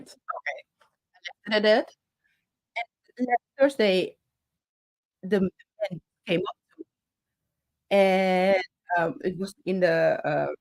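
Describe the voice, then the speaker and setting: Woman, slightly low voice, passionate storyteller, halting with fillers, handheld mic. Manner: passionate, talks with her hands; halting, many fillers and restarts. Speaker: channel host. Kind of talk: personal storytelling to camera. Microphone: handheld microphone.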